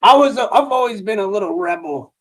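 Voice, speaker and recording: This live-stream host has a high, animated voice with a quick pace and a fairly bright tone. He rambles through casual stories, swearing freely and leaning on slang like "bro" and "dude."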